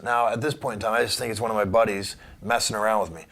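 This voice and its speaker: A man being interviewed, telling a story in a casual, animated way and acting out the voices of the people in it. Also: medium pitch, rapid-fire, vocal fry, hardly any pauses. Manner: animated anecdote teller who acts out quoted voices. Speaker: guest wrestler.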